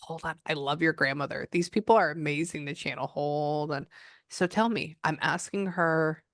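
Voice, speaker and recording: A woman with a low voice works as a psychic medium, chatting casually during a reading and often breaking off to listen before relaying quotes from what she hears. Her intonation is fairly even, her pace moderate, and the studio sound is clean with no room echo.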